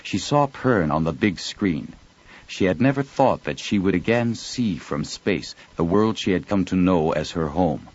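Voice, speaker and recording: A man narrating an audiobook in an expressive storytelling reading. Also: deep voice, a little slow, no room sound, dull audio. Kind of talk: scripted narration.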